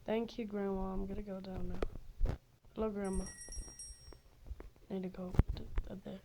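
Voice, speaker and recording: A woman giving excited gameplay commentary, jumping between loud outbursts and hushed whispers. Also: medium pitch, normal speed, muffled recording, heavy background noise. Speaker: game player.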